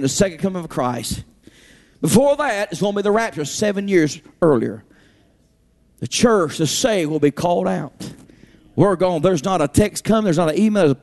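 A male preacher delivering an impassioned sermon, breaking into sudden shouts and dramatic swings in delivery. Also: high voice. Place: church.

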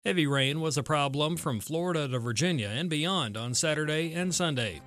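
A man reading a radio newscast as the anchor, steady and measured. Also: on the high side, faint music behind. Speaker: news anchor.

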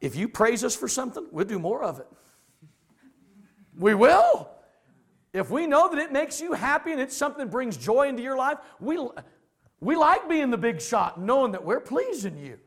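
An animated male pastor preaches in a high, lively voice that climbs and dips a lot. He is folksy and plain-spoken and keeps slipping into voices to act out the people he describes. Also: normal speed, slightly rough. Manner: animated, acts out quoted voices. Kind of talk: sermon.

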